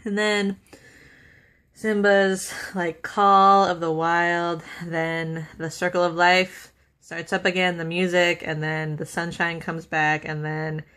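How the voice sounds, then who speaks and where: Gushing young woman, low-pitched voice. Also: level tone, slow pace, a bit bright, clear, resonant tone. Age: young adult. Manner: enthusiastic and gushing, laughs often; chatty with many fillers and run-on sentences. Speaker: vlogger. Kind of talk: casual to-camera chat.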